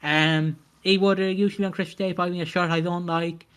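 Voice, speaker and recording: A young man co-hosting a podcast in casual chat, swearing freely and making dark jokes. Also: sits high, fairly even intonation, a little fast, smooth. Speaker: podcast co-host.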